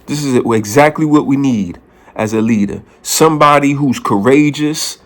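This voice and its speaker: A man's voice: mid-range voice, normal speed. A man from the Bronx, talking in a casual opinion vlog and hammering his points with repeated phrases. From New York, the Bronx. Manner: emphatic, repeats phrases for punch. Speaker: vlogger.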